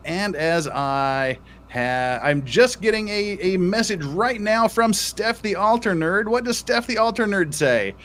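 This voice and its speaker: A man's voice: high-pitched, a little slow, hardly any pauses, fairly bright tone, slight background noise. A man hosting a casual livestream, reading out super chats and joking with his co-host in playful banter.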